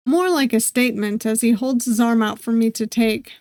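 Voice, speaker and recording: Streamer lady reading a visual novel, kinda high voice, chatty little asides, very dry sound. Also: moderate pace, hardly any pauses, darkish tone, dry recording. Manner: reads narration steadily, breaks off into playful chatty asides. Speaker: gaming streamer.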